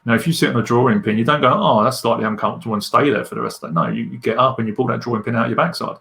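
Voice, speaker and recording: A man, talking as a leadership coach in a podcast interview. He is candid and animated as he tells stories. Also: medium pitch, rapid-fire, creaky.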